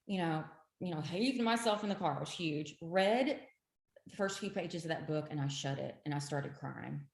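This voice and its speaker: A middle-aged woman with a low voice tells her story as an interview guest, earnest and emphatic. The sound has a roomy echo around it. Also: normal speed, creaky.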